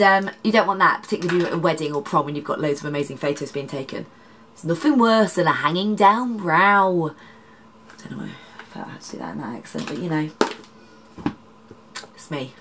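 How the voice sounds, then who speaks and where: A woman, a makeup artist, chatting through a makeup tutorial with a congested, nasal, slightly husky voice and rambling asides. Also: lowish voice, a bit bright. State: congested, nasal from hay fever.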